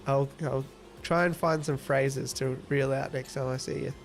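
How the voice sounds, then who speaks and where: An Australian man hosts a casual livestream, reading viewer comments aloud, teasing them playfully and laughing often. His medium-pitched voice is steady with some vocal fry, his pace moderate, and faint music plays behind him.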